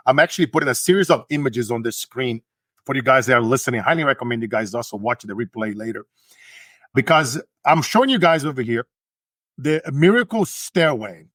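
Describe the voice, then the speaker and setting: A man's voice: mid-range voice, fairly bright tone, no echo. Preachy male host rallying listeners. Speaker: host and motivational speaker. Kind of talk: motivational podcast hosting.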